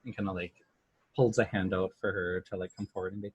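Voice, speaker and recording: Man at a tabletop game, soft hesitant, husky low voice. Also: steady tone, fast talker, no room sound, highs cut off. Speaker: player. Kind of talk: tabletop role-play.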